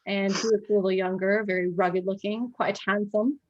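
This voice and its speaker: A woman narrating a tabletop game as game master, relaxed and chatty, with frequent ums. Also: mid-range voice, normal speed, dull audio.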